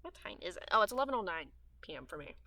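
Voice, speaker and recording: A teenage girl rambling through gameplay chat in a bright, clear voice. Her throat is dry and sore, and she smacks her lips as she hops between thoughts with fillers and restarts. The sound is close and dry, with no room around it. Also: mid-range voice, big pitch swings, very fast, dry recording. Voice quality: dry mouth with audible lip smacking. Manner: chatty and meandering, with frequent fillers and trailing restarts. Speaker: gaming streamer.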